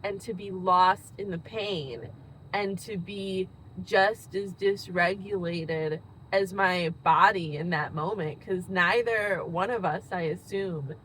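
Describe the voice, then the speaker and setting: Woman, unhurried delivery, earnest reflective monologue, clear car noise in background. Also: lowish voice, a bit bright, rough recording. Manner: slow, earnest, thoughtful, with frequent pauses. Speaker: host.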